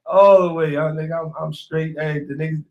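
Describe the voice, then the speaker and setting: A man's voice: fairly high pitch, steady tone, fairly quick, highs cut off. A man from Queens, guest on a live interview, talking in a laid-back, slangy way with frequent laughs. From Southside Jamaica, Queens, New York. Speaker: guest rapper. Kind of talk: casual live interview chat.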